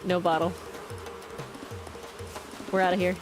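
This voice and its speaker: A woman streamer chatting casually while playing a game, excitable and full of "like" and quick reactions. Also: on the low side, music in the background. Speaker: live streamer.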